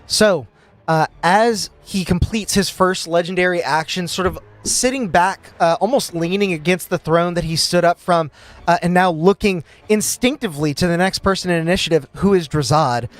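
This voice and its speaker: Higher-voiced man narrating as game master. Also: normal speed. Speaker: dungeon master.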